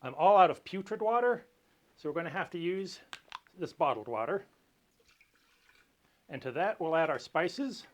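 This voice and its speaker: Male cocktail host, slightly high voice, dry jokey explainer. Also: expressive, normal speed, long pauses. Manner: dry, lightly joking explainer. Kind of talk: casual cocktail tutorial.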